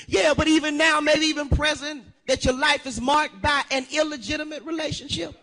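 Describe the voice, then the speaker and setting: A male pastor delivers a sermon in a strikingly high, bright voice. He calls on the congregation for a witness and lifts his lines into shouted, sung cadences, with a touch of in his speech. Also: fairly even intonation, normal speed. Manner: preaching with call-and-response, rising into shouted, sung phrases.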